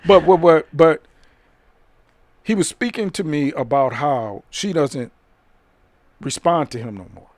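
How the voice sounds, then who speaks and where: A man from Detroit, a comedian guest on a podcast, telling stories in casual chat with slang and quick repeats. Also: a little high, darkish tone, dry recording. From Detroit, USA.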